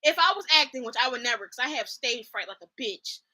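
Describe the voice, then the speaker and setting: Bright, high-voiced young woman vlogger. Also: fast. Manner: animated, laughing, slangy, does mock accents. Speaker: host. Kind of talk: casual commentary vlog.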